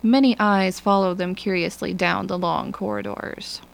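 A woman reading an audiobook in a measured, even storytelling manner. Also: mid-range voice, creaky, poor audio. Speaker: audiobook narrator. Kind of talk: scripted narration.

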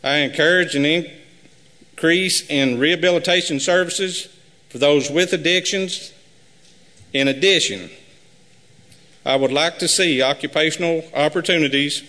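A man running for sheriff, reading a prepared campaign speech at a live forum in an earnest, measured way. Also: on the high side, bright, forceful tone. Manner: earnest, measured, repetitive pledges. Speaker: sheriff candidate. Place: high school forum hall. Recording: live hall with long reverb.

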